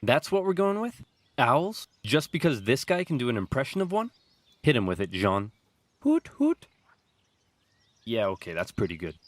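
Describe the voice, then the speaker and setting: A man narrating comedic animated history and doing all the character voices himself, with quick, silly switches between them. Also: medium pitch.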